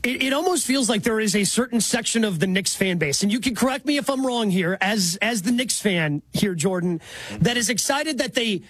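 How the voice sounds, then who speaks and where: A man's voice: sits high, lively intonation, moderate pace, fairly bright tone, no room sound. A man hosting a sports radio show, reading stats and bringing on callers. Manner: reads stats and phone numbers, introduces callers.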